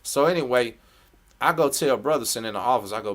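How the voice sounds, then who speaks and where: A middle-aged man hosts a casual podcast, spinning animated prison yarns full of cursing. His voice sits at an ordinary middle pitch, and he jumps in and out of the people he quotes. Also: a little fast. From Texas. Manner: animated, profane prison storytelling with acted quotes. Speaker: podcast host. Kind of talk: casual storytelling chat.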